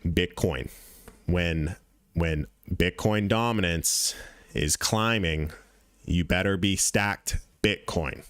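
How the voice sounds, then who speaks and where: Man, deep voice, dry close sound, casual profane crypto chart commentary, emphatic repetition. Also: slow pace, fairly bright tone, no room sound. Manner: blunt, profane, repeats points for emphasis. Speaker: crypto trading channel host.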